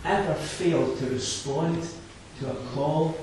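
A man preaching a sermon, swinging from low quiet asides to loud impassioned climaxes and repeating his key phrases. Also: measured pace. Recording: very echoey, from a distance, faint background noise.

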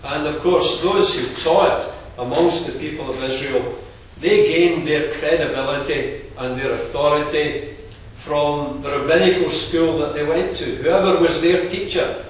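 A man preaching a sermon in a measured, earnest expository manner. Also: a little high, slight background noise. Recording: very echoey, distant room recording.

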